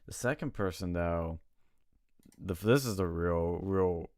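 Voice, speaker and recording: A young man chatting casually as a podcast co-host, telling animated anecdotes and often laughing. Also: deep voice, slow, no echo. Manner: animated anecdote teller, quotes people in voices, laughs often. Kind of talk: casual storytelling chat.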